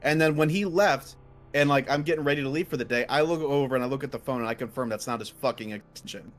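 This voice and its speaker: A man's voice: medium pitch, fast. A man ranting in casual chat about a coworker, heated and swearing, acting out quoted lines in a raised voice. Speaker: podcast co-host. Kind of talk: casual chat, venting story.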